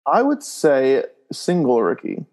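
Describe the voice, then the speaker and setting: A man's voice: mid-range voice, slow. A man guesting on a podcast, telling family stories in casual chat, often laughing and filling his talk with "like" and "um". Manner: animated storyteller, laughs often, voices loud screams in stories; many fillers like "like" and "um".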